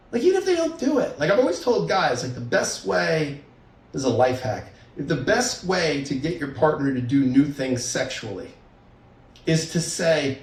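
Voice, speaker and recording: A middle-aged man who works as a divorce lawyer gives relationship advice in casual podcast conversation, an animated storyteller voicing the characters he quotes. His voice sits high and was recorded from a distance, sounding roomy and slightly off mic.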